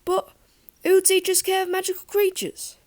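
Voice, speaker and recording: A woman's voice: extremely high pitch, very animated, fast talker, darkish tone, pitched above the performer's own voice, exaggerated voice. A woman voicing an earnest, shy teenage boy student in an audiobook. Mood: startled.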